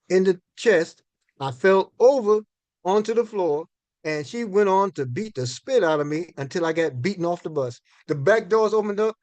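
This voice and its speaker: High-voiced older man telling folksy stories. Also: a little mellow, dry recording. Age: 60s. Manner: folksy and conversational, repeats and restarts words. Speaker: minister giving a finance talk. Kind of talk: storytelling lecture to an audience.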